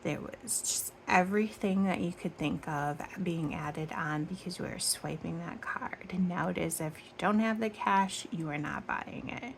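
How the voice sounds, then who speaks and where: A woman from Michigan hosting a casual budgeting vlog, chatting in rambling tangents and counting cash out loud. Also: on the low side, measured pace, creaky, few pauses, a little hiss or hum. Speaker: budgeting channel host.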